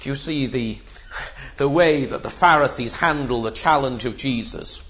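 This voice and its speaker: A man's voice: mid-range voice, moderate pace, a bit bright. A man preaching a sermon in an emphatic, rhetorical way, with the odd filler. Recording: dull lo-fi sermon recording.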